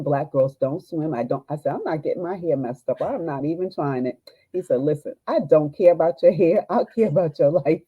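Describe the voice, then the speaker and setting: Animated woman on a tinny phone line. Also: rumbling low, no room sound. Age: middle-aged. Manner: animated storyteller, acts out quoted voices with laughter. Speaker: guest, holistic nutrition coach. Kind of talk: personal story in an interview.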